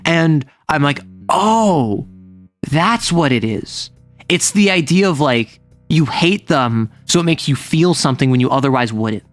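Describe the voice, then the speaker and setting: A man with a slightly higher voice chats casually on a livestream. He rambles, stammers and restarts his sentences, animated and quick to laugh. Faint music plays in the background. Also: no echo. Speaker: streamer.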